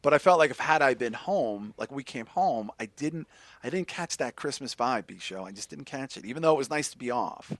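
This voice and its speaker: A man's voice: mid-range voice, animated, a little fast, fairly bright tone, no room sound. A man hosting a podcast in an upbeat, joking, rambling chat. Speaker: podcast host.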